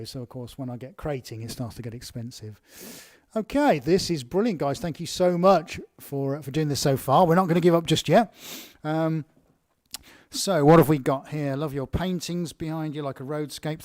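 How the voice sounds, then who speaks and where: A man's voice: fairly high pitch, a little mellow, no echo, studio quality. A man with an English accent hosting a casual live Q&A, reading viewer questions aloud and answering with chatty fillers and restarts.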